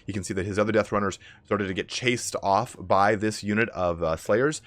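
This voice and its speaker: A young man with a raspy, allergy-hoarse voice giving casual play-by-play commentary on a strategy game match. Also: lowish voice, fairly bright tone, no echo. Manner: casual, fast-flowing play-by-play with fillers. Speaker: game caster.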